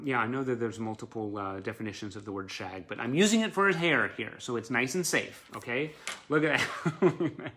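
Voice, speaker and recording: A man talks casually and eagerly through his memorabilia on a home live stream, with lots of fillers. His voice is gravelly and creaky at a medium pitch. A faint hiss and some clicks sit behind it. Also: sharp tone. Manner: chatty and enthusiastic, with many fillers. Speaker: collector showing memorabilia.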